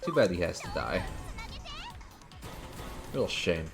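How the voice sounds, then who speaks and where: A man's voice: deep voice, very animated, slow pace, creaky, music in the background. A man streaming a video game, talking casually and muttering to himself as he plays. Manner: laid-back, muttering to himself. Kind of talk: casual gameplay commentary.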